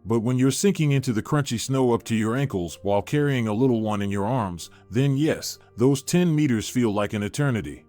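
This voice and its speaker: A man's voice: mid-range voice, a little fast, few pauses, faint music behind. Man reading a story aloud. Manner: steady storytelling. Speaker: narrator. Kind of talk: scripted narration.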